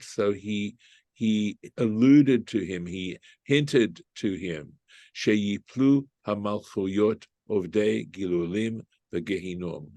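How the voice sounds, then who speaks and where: Rabbi leading a casual study group; lowish voice, dry close sound, reasons aloud and keeps asking "right?". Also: male voice, a little mellow, dry recording. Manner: thinking aloud, asks "right?" often, translates Hebrew phrases. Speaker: rabbi teaching a Torah study class. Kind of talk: informal group Bible study.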